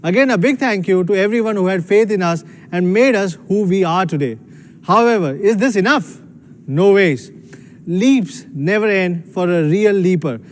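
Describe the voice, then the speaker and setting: A man's voice: high voice, moderate pace, slight background noise. A man giving a proud, emphatic scripted keynote as a company executive.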